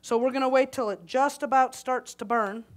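A woman's voice: high voice, fairly even intonation, moderate pace. A woman giving a live cooking demonstration at a conference, chatty and joking with the audience as she cooks, a little winded. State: slightly winded. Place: conference hall kitchen stage.

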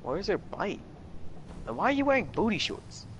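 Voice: medium pitch, big pitch swings, brisk, a bit bright, husky, low-quality recording. A gamer chatting casually while playing, wisecracking between laughs. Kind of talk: casual gaming banter.

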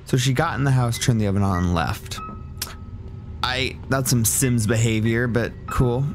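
Over game music, a young man streaming a horror game gives casual commentary full of jokes and profanity. His voice is mid-range at a normal pace, and he occasionally falls to a whisper.

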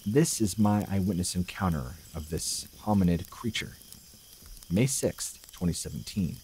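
A man with a very low, deep voice narrates a horror story in a slow and measured way, with a dramatic edge. A faint hiss sits under his reading. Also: animated, darkish tone, rough recording. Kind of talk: scripted narration of scary stories.

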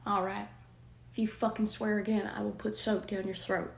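Animated woman in an echoey room. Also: medium pitch, normal speed, creaky. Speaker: comedy creator. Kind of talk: comedy sketch.

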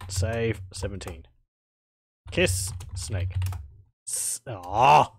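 Slow, lively game streamer. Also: medium pitch, gravelly. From Australia. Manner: thinks aloud, speaks typed game commands, chuckles. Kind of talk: let's play commentary.

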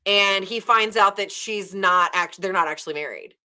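A woman's voice: mid-range voice, moderate pace, pushed and bright. A woman in casual book-club chat, talking in long runs full of "like" and "um" fillers. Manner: chatty, many "like" and "um" fillers. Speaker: former literature teacher.

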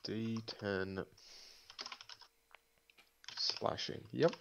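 Slow talking guy, player on a game call, lotta yeps. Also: lowish voice, creaky, highs cut off, noisy background. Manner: brief, stuttering replies. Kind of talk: casual chat.

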